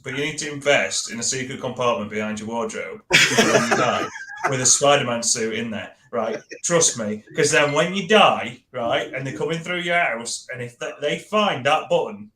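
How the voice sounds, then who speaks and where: A man's voice: mid-range voice, normal speed, sharp tone. A man in casual chat, joking and insistent as he gives playful advice. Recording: echoey room with clear background noise.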